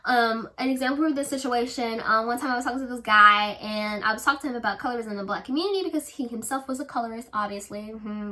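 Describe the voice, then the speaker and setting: A young woman talks straight to her viewers in a storytime vlog, and her voice sits a little high and rings bright. She is candid and lively, slipping into other people's voices as she acts out what they said. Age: young adult. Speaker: vlogger.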